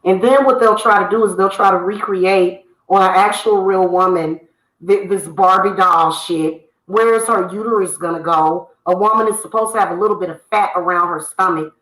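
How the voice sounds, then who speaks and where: A woman rants straight into the camera, scolding the people she calls out by name. Her voice is bright and a bit sharp, and it rings in a reverberant room. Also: mid-range voice, moderate pace. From United States. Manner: heated, scolding, addresses people directly. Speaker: spiritual reader and channel host. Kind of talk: ranting monologue to camera. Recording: echoey room.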